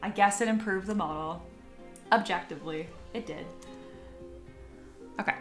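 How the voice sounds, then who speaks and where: Sculpting live for her viewers, this woman chats easily, reads out their comments and jokes at her own expense. Her medium-pitched voice is fairly bright and moves at a normal pace, heard in an echoey room over soft background music.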